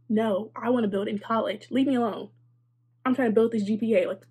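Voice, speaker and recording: Young woman, husky, higher pitch, casual storytime, sarcastic asides, lots of fillers. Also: steady tone, fairly quick, a little mellow. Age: young adult. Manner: chatty and sarcastic, many likes and asides. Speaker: vlogger.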